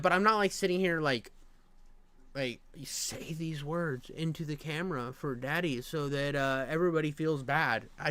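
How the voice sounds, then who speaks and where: A man's voice: mid-range voice, a bit bright, no echo. A man streaming his reaction to a video, ranting bluntly and sarcastically, with a lot of swearing. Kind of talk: casual profane commentary rant.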